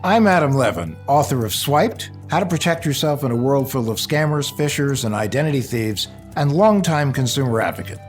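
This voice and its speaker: A man co-hosting a podcast about scams, talking in a lively, jokey way. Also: mid-range voice, fairly quick, few pauses, soft background music. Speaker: podcast co-host. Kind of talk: casual podcast chat.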